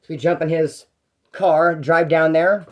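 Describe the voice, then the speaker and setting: A man's voice: a little high, steady tone, a little slow, dull audio. A young man telling a story in a casual, slangy, rambling way, with restarts.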